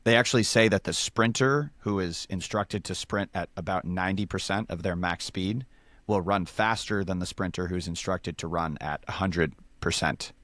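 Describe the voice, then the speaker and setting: A man's voice: low voice, normal speed, a bit bright, dry recording. A man casually explaining sports science step by step, with many fillers.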